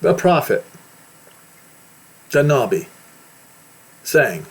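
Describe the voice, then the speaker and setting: A man's voice: a little high, big pitch swings, very slow, husky. Emphatic American man preaching commentary. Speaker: religious commentator. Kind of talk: preaching commentary on news and scripture.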